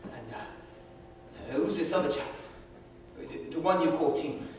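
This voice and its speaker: A man on a theatre stage playing an old blind male pencil peddler who talks in a gruff, rustic way, slow and mournful. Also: a little high, darkish tone, slight background noise. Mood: weary. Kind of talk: stage recital acting. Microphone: distant room mic. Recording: echoey hall from far off.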